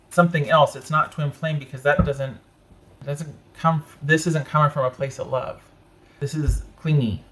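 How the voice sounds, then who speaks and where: A man giving a casual tarot reading, talking in a chatty way with animated asides and frequent self-interruptions. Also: on the high side. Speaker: tarot reader.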